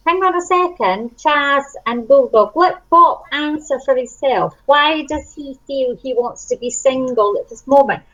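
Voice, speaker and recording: A woman's voice: high-pitched, a little slow, few pauses, fairly bright tone, lo-fi sound. A middle-aged woman in a casual group chat, blunt and sweary, talking over others. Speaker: chat participant.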